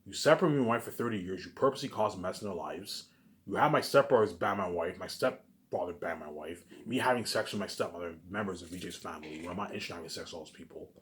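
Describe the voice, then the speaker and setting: A man giving a rambling, repetitive monologue to camera that turns into a heated rant, with frequent swearing. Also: low voice. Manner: swears often, keeps saying "obviously". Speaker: vlogger.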